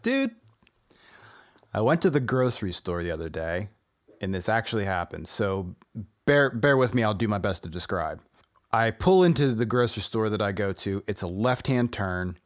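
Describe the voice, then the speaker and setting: A man's voice: lowish voice, lively intonation, normal speed. A man co-hosting a podcast in casual chat, laid-back and teasing, giving mock-professional advice to his friend. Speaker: podcast co-host.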